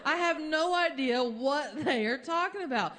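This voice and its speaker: A woman telling a long comic story on stage as a stand-up comedian, animated and jumping high in pitch when she acts out quotes. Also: a little slow.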